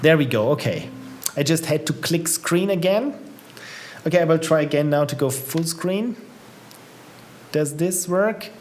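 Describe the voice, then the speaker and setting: A man's voice: a little high, animated, unhurried, long pauses, darkish tone, slight background noise. A man casually commenting while live-streaming and trying out indie games, chatty and upbeat, reacting aloud to what he sees. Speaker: streamer playing viewers' games.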